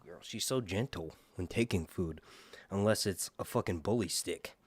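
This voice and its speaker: A man's voice: low voice, normal speed, husky. A man, chatting casually on a livestream and talking to his dog as he goes. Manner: chatty, rambling, talks to his dog and viewers. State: out of breath. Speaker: livestream host.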